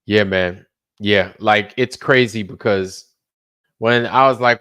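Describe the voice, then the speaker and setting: A man's voice: lowish voice, fairly even intonation, takes it slowly, fairly bright tone, highs cut off. A man hosting a late-night livestream, rambling loosely, swearing freely and repeating himself as he trails off. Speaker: livestream host.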